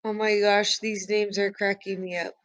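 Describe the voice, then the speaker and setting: A woman's voice: medium pitch, level tone, normal speed. A woman teacher chatting with her class and reading quiz questions aloud in a live online review.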